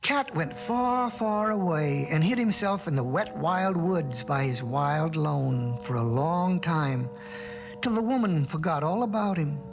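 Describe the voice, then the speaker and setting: A man narrating a storybook in a gentle, lilting way with drawn-out words, from a restored vinyl record. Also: on the high side. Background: music.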